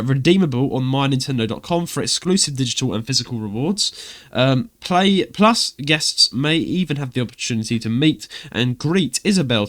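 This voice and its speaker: A man with a Cockney accent co-hosting a podcast, chatting casually, ranting and reading gaming news with frequent laughs. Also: medium pitch. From United Kingdom. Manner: lively, ranting, laughs often. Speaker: podcast co-host.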